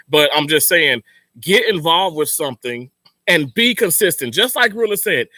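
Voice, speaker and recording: A man with a high, bright voice talks straight to his viewers, hammering the same points again and again to fire them up. The sound is dry and close. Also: dry recording. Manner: emphatic, repetitive, motivational. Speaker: channel host. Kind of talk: casual livestream talk to viewers.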